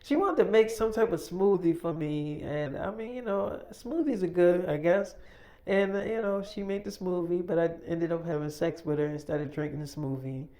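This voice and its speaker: A man's voice: high-pitched, normal speed, a little mellow. Man rambling through a crude story. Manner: rambling, crude, with many fillers. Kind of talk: casual spoken storytelling.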